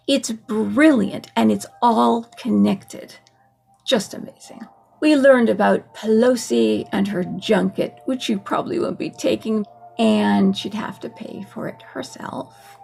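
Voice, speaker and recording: A woman's voice: medium pitch, unhurried, vocal fry, dark tone, breathy edge, soft background music. A woman vlogger giving a casual, sarcastic political monologue, laughing at her own points.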